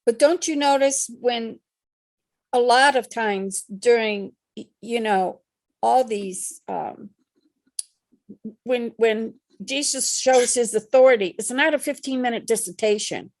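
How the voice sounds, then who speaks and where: A woman's voice: a little high, slow. A woman in a Bible study discussion, chiming in with short agreeing remarks and comments. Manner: brief agreeing interjections. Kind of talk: casual group discussion.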